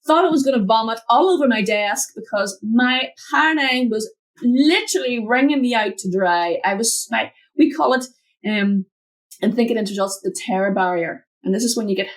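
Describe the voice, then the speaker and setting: A woman mentor, a guest in an interview, telling a personal story from her home office over a video call, acting out the voices in it. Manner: animated, acts out quotes with big pitch jumps.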